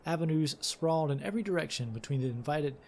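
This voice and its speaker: Guy reading a story game out loud for his let's play, casual, stumbles and fixes words as he goes. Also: fairly high pitch, lively intonation, fast, a little hiss or hum. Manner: casual, with fillers and self-corrections. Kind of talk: reading game text aloud and commenting.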